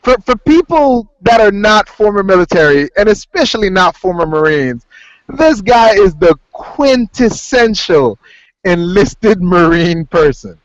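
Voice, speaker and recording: A man's voice: high-pitched, big pitch swings, measured pace, no echo. A man hosting a podcast in casual chat, laughing often and swearing as he tells stories. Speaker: podcast host. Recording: dull lo-fi sound.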